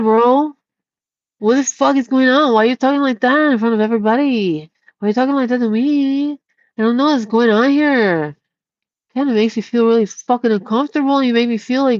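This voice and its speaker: A woman hosts a casual livestream, reading the chat out loud and bluntly scolding a viewer while swearing freely. Her voice sits a little high with no room sound, captured in slightly dull lo-fi audio.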